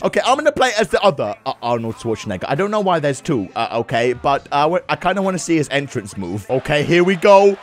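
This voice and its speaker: A young man giving loud, excitable gameplay commentary, swearing often and bursting into laughs. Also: a little high, a little fast, soft background music. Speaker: gaming YouTuber.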